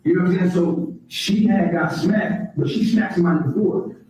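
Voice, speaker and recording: A man testifying as a witness in court, halting and rambling with frequent profanity, recorded far off in a courtroom. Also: high-pitched, darkish tone. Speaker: witness on the stand. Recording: echoey courtroom audio from far off.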